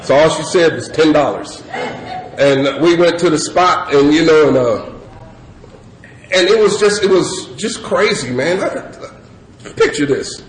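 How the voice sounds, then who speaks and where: A middle-aged man sharing his personal recovery story at a meeting, animated and laughing, with lots of "you know" fillers. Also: a little high, measured pace, pauses often. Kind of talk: personal testimony share. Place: meeting hall with audience. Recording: echoey hall with crowd noise. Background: audience murmur and ambience.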